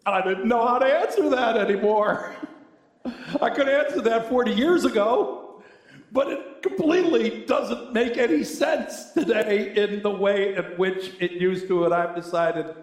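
An older male pastor preaches in a relaxed, chatty way, slipping into wry sarcasm. His fairly high voice leaps up and down with lively emphasis. The sound carries the roomy echo of a church sanctuary. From American South. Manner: conversational, wry and sarcastic, with animated swings of pitch. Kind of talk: sermon.

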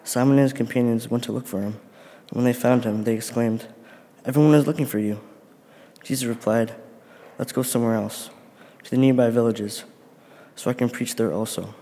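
A man reads scripture in a flat, mellow voice at a steady, careful pace. He restarts now and then. The sound carries a long church reverb. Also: medium pitch, brisk. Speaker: scripture reader. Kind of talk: reading scripture aloud in church.

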